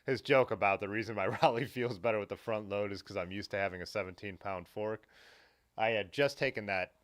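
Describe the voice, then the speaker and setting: A man's voice: fairly low pitch, brisk. A man hosting a casual livestream, rambling along and reading viewer comments aloud. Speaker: livestream host. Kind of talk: casual live chat.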